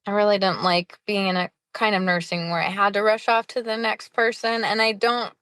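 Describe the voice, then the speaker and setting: A woman's voice: medium pitch, level tone, fairly quick, a bit bright, no echo. A woman who hosts a podcast and works as a hospice nurse, chatting casually and laughing often. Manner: chatty, with frequent laughs and fillers. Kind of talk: casual interview chat.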